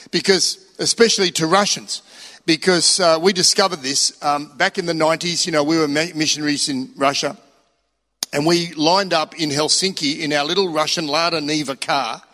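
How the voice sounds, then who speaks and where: A man's voice: on the high side, sharp tone. A middle-aged Australian man preaching a sermon in a chatty, storytelling way, with emphatic rises on key points. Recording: long hall reverb.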